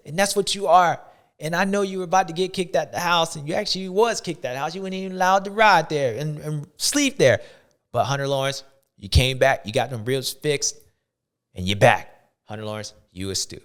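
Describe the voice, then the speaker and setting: A man's voice: a little high, lively intonation, normal speed, a bit bright. A man hosting a show, giving playful, slangy, rambling sports commentary. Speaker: show host.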